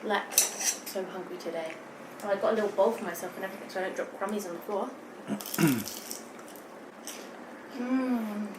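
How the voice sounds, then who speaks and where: A woman's voice: mid-range voice, normal speed, long pauses. A young woman chatting while she eats in a mukbang video, giggly and slightly out of breath. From United Kingdom. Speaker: vlogger. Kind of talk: mukbang chat. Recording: echoey room with background noise.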